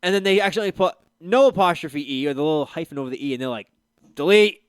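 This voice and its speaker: A young man co-hosting a sports podcast, telling stories in animated, joking banter. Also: on the high side, very fast, smooth, no room sound, studio quality. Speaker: podcast co-host. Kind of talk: casual sports podcast chat.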